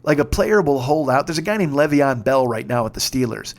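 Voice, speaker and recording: A man in his fifties telling a story in a casual monologue, profane and excitable, breaking into shouts. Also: medium pitch, brisk. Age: 50s. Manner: profane, excitable, shouts when reliving moments. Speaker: podcast host.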